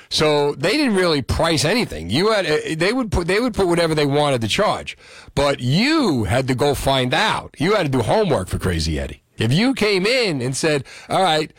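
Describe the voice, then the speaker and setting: A man's voice: on the high side, moderate pace, dry recording, studio quality. A man hosting a call-in radio show, chatting and joking with listeners. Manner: lively, animated, joking with callers. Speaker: radio host.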